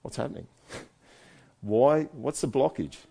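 A man's voice: mid-range voice, lively intonation, takes it slowly, gravelly, dark tone, husky. A man preaching a sermon in a conversational way, asking his listeners one rhetorical question after another. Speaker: pastor.

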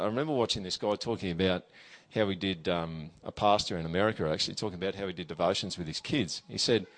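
Man preaching a conversational sermon. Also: on the low side. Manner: conversational preaching, with many tag questions; emphatic, reads scripture aloud. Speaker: pastor.

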